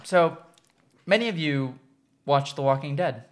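A young adult podcast host giving a rambling, slang-heavy comic recap of a film, talking in an excitable, loose way. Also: medium pitch, measured pace. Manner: excitable, slangy, loose retelling full of restarts.

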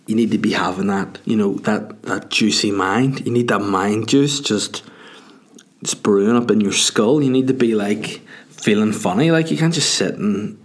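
A man's voice: fairly low pitch, normal speed. A man hosting a podcast, telling a rambling comic story full of swearing, with constant "you know" and "do you know what I mean". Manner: profane, joking, digressive storytelling. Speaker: podcast host.

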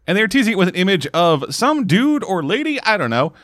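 A man co-hosting a casual podcast, quick and animated, jumping in with corrections. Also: sits high. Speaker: podcast co-host.

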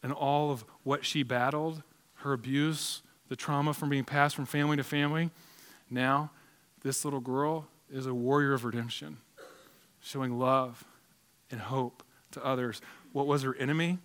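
A man's voice: medium pitch, fairly even intonation, moderate pace, a bit bright. A man preaching a sermon as pastor, building his points with emphatic, repeated phrases. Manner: emphatic, repetitive rhetorical phrasing.

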